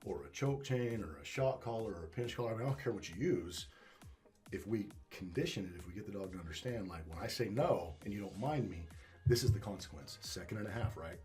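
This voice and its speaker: Man, dog trainer, low voice, animated storytelling, casual swearing, faint music behind. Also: brisk. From Northwest Arkansas. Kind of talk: casual interview.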